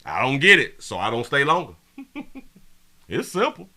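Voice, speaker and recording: A man hosting a live stream, reading viewer comments in a brash, profane way that swings from mumbling to yelling. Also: medium pitch, wildly swooping pitch, measured pace. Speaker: live show host.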